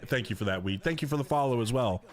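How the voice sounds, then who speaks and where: A man's voice: mid-range voice, expressive, fast. A middle-aged man from North Carolina, chatting casually and joking with viewers on a gaming stream. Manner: chatty, joking, slangy, reads chat aloud. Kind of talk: casual live-stream chat.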